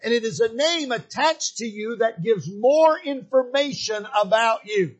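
A man preaching a sermon in a folksy, storytelling way, repeating phrases and pausing on frequent fillers. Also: very high-pitched, expressive.

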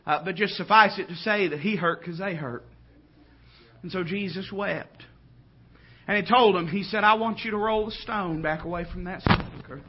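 A man preaching a sermon, dropping to quiet tones and rising to loud, drawn-out exclamations. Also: sits high, slightly rough, lo-fi sound.

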